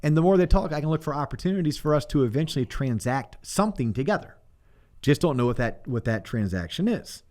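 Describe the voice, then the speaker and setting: Fast and a little high, with lively intonation and a darkish tone, this middle-aged man chats casually on his podcast. As a mortgage coach, he teaches small talk by playing out sample phone calls.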